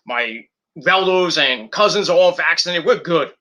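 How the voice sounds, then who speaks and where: Male podcast host, casual profane rant, bright sharp tone, animated delivery. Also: a little high, moderate pace. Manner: blunt and profane, with frequent fillers. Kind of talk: casual ranting monologue. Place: at home at night, indoors.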